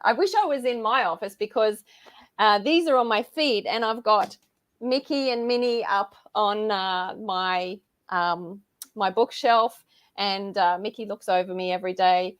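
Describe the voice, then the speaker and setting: A woman's voice: mid-range voice, measured pace, dry recording. A woman in her fifties, a podcast guest in casual chat over a video call, telling a personal story with feeling and frequent laughter. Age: 50s. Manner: emotional, storytelling, laughs often.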